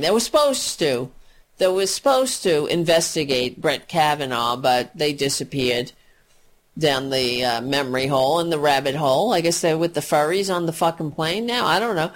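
A woman's voice: low voice, normal speed. A woman filling in as a radio talk host, ranting about politics in a profane, indignant and sarcastic way.

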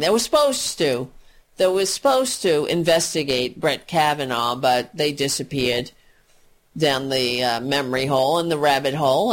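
A woman delivering an angry political rant, swearing freely, tripping over her words and mocking others with sarcastic put-on voices. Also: sits low. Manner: profane, sarcastic, mocks people in put-on voices; restarts and stumbles while fuming.

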